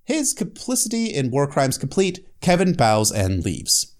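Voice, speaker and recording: A man's voice: mid-range voice, wildly swooping pitch, unhurried. A man casually recapping a fantasy novel chapter, with sarcastic, profane asides and frequent restarts. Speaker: book recap host.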